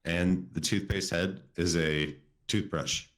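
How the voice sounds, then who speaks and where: A man's voice: low-pitched, steady tone, slow pace. A man co-hosting a podcast, reading a children's book aloud in a playful, mock-earnest storyteller way. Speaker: podcast co-host.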